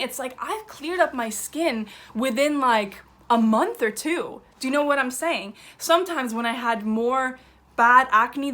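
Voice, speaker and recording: Chatty high-voiced young woman vlogger. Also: a bit bright. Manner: chatty and emphatic, slangy with swearing. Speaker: YouTuber. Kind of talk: casual vlog advice.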